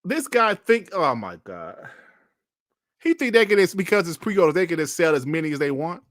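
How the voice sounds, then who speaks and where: A man streaming casual commentary in a lively, mocking tone, laughing and swearing as he answers comments. His voice sits fairly high and sounds bright and sharp. It is recorded close and dry. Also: moderate pace, no echo.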